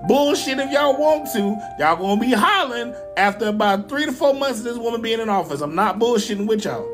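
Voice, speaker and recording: A man's voice: very high voice, lively intonation, brisk, music in the background. A man in a commentary clip, talking bluntly and mockingly with profanity.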